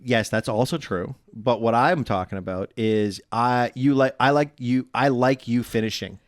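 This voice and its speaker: A man's voice: mid-range voice, normal speed, dry recording, clean studio sound. A man in his thirties, co-hosting a candid couple's podcast, teasing and arguing his side. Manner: teasing, argumentative, swearing. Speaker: podcast co-host.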